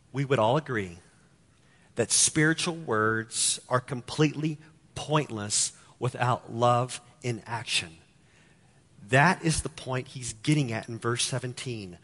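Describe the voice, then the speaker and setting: A man's voice: medium pitch, animated, takes it slowly, fairly bright tone. A man from Texas with a Texan accent, preaching a sermon and repeating key lines with emphasis. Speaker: pastor. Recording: long hall reverb.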